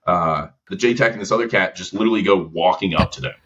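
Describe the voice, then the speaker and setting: A man telling a story as a podcast guest, with a relaxed, slangy manner and many fillers. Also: low-pitched, fast, a little hiss or hum. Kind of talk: casual storytelling. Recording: dull lo-fi audio.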